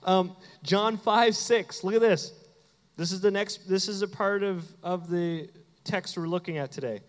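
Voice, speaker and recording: A high-pitched man preaches a sermon to his congregation. He talks in a playful, conversational way, acting out quick asides. His voice rings with the long reverb of a church sanctuary. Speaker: pastor. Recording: hall reverb.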